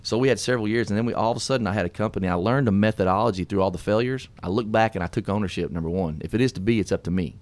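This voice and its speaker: A middle-aged man hosting a radio show, telling his story in an earnest, animated, folksy way. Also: fairly low pitch, racing, few pauses. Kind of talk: casual storytelling and motivational talk.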